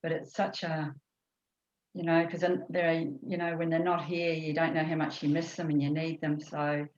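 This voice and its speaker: A woman's voice: sits low, little pitch movement, moderate pace. A woman with a New Zealand accent, chatting on a video call in a rambling way, full of fillers. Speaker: course participant. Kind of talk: casual video-call chat. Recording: echoey, muffled video-call audio.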